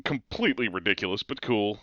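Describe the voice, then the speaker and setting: A man's voice: lowish voice, animated, a little fast, pushed and bright, no echo. A man hosting a podcast, chatting casually about movies, laughing often and restarting his sentences. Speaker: podcast host. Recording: dull lo-fi sound.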